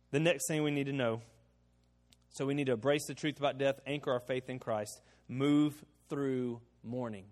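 A man preaching a sermon as pastor, animated and joking, swinging between loud emphasis and quiet asides. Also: mid-range voice, normal speed. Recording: long reverb of a large hall.

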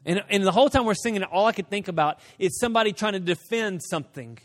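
A man preaching a sermon, dropping to a hush and then rising to loud emphasis, acting out short dialogues in different voices. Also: sits high, fast talker, few pauses. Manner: swings from hushed to loud, emphatic. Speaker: pastor.

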